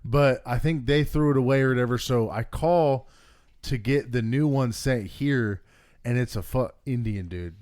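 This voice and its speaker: A man's voice: mid-range voice, moderate pace, a little mellow, no room sound, clean studio sound. Young male co-host, tells rambling stories, slangy and profane. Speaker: podcast co-host. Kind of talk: casual storytelling.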